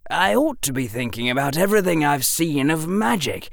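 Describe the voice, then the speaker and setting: A man's voice: a little high, big pitch swings, gravelly, dry recording, clean studio sound, pitched above the performer's own voice. Man doing a precocious, flippant boy wizard. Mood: wry. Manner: quick, wry, rambling. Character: precocious eleven-year-old boy wizard, clever and flippant. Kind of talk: audiobook character voice.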